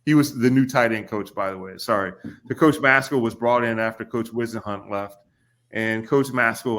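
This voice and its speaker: A middle-aged Kentucky man tells a story as a guest on a podcast, talking casually at a mid pitch. He's animated, and whenever he quotes someone, his voice jumps higher and gets livelier as he acts it out.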